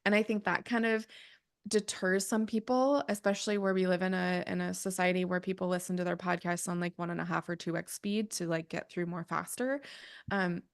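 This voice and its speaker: A woman's voice: on the low side, fairly even intonation, fairly quick. Earnest woman guest thinking aloud. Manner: earnest, thinks aloud with tangents and self-corrections. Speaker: podcast guest. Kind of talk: conversational podcast interview.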